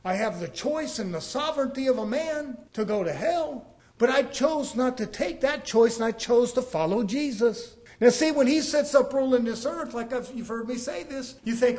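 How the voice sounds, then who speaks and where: A high-pitched male preacher with a drawl, middle-aged, delivering a folksy sermon from the pulpit. He talks plainly and keeps throwing rhetorical questions at the congregation. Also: expressive, normal speed, hardly any pauses, darkish tone. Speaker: pastor.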